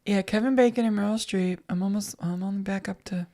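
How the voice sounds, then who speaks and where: A woman co-hosting a podcast in casual chat, animated and joking, talking into a podcast microphone. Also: medium pitch, brisk. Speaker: podcast co-host.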